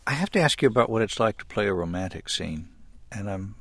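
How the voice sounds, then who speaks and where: Guy interviewing on air, low voice that swings a lot, dry sound, teasing. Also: animated, quick pace, vocal fry, a bit bright, no room sound. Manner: playful, teasing questions. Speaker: radio interviewer. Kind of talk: broadcast interview.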